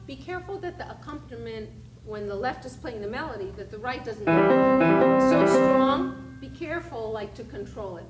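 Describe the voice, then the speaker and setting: A woman's voice: on the high side, normal speed. A woman piano teacher giving a masterclass, coaching a student and singing along with the playing. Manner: animated, sings and counts along with the playing. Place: recital hall. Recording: echoey hall with loud piano.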